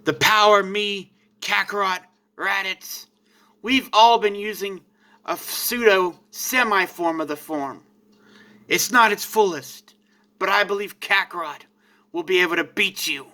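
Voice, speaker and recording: A man voicing a proud, furious male warrior prince, shouting defiant declarations. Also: high-pitched, unhurried, full character voice.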